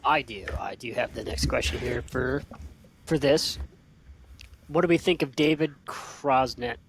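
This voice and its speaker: A man's voice: medium pitch, measured pace, a little hiss or hum. A man co-hosting a casual podcast chat who speaks in a tentative, hedging way. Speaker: podcast co-host.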